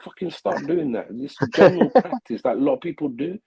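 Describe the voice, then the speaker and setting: A man's voice: on the high side, sing-song, fairly quick, creaky, crowd noise, poor audio. A middle-aged man hosting a live stream, chatting casually, swearing and joking. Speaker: livestream host.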